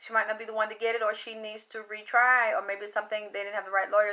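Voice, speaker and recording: Emotional, rambling woman with a bright voice. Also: mid-range voice, flat delivery, quick pace, lo-fi sound. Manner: emotional, rambling, trailing off into sighs. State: tired from late night. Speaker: psychic reader. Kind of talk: livestream talk with viewers.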